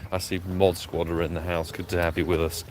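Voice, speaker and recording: This British live-stream host has a low, slightly mellow voice with little pitch movement and a brisk delivery. Standing outside by a road, he chats loosely, calls out viewers by name, and catches his breath, with traffic clearly audible.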